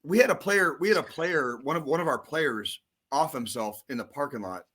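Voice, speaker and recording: A man co-hosting a casual podcast, ranting about football in a profane, excitable, rambling way. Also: a little high, moderate pace, breathy edge. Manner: profane, excitable, rambling sports-fan rant. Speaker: podcast co-host. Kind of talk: casual chat.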